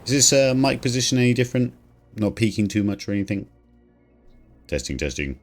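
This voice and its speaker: Very deep-voiced man streaming a game. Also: big pitch swings, brisk. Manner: playful, mumbling, self-mocking. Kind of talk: casual gameplay commentary. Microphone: standing desk mic. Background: game music.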